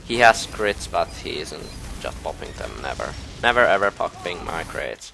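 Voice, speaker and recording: A man casually commentating his own gameplay, muttering low asides and then yelping in panic, his voice a little low from being sick. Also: big pitch swings, normal speed, vocal fry, hardly any pauses, bright, forceful tone, faint music behind. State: slightly sick, voice a bit low. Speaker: gamer.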